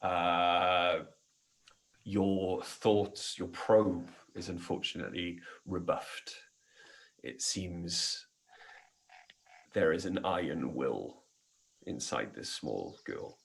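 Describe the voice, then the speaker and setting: A man narrating as game master of a tabletop game, his voice sitting very low. He describes the scene step by step, with frequent ums between phrases. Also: very slow, creaky, pauses often, poor audio.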